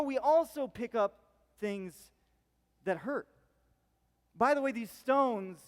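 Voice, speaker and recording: A man's voice: sits high, big-room sound. A man preaching a casual, rambling sermon as pastor, full of fillers and restarts. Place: church hall.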